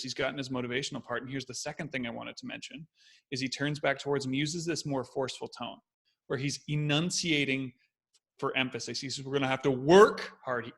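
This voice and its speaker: A man co-hosts a relaxed discussion, explaining his points step by step with animated energy. His voice is bright and forceful, pitched in a middle range. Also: vocal fry. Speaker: co-host. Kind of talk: casual analytical chat.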